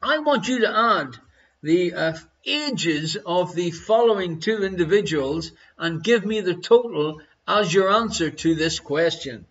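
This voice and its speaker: Male quiz host, high-voiced, unhurried, jokey with a chuckle; slightly muffled audio. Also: lively intonation, a bit bright. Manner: jokey, chuckles between questions. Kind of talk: live-streamed quiz chat.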